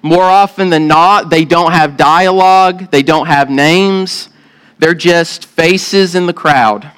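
A man's voice: on the high side, steady tone, slow, fairly bright tone, clean tone, poor audio. A man with a Southern US accent, a pastor preaching earnestly and asking the congregation questions. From Southern United States. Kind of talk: sermon with opening prayer.

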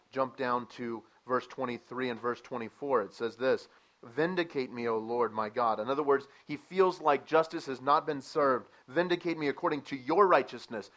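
A man preaching a sermon, animated and emphatic, asking the listeners rhetorical questions and dropping to a quieter explaining tone at times. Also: medium pitch, poor audio.

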